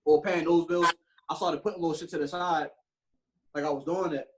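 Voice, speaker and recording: A young man talks on a casual podcast, animated and slangy, leaning into his stories with plenty of cursing. His voice sits a little high for a man. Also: brisk, noisy background. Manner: animated storytelling with slang and profanity. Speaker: podcast co-host. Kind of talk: casual chat.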